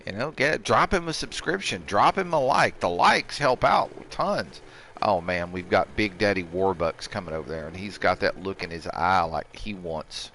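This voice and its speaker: A man's voice: mid-range voice, sing-song, measured pace, sharp tone. A man in his sixties hosting a gaming channel, giving joking let's-play commentary and trash-talking the characters. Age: 60s. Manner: jokey, trash-talks the characters.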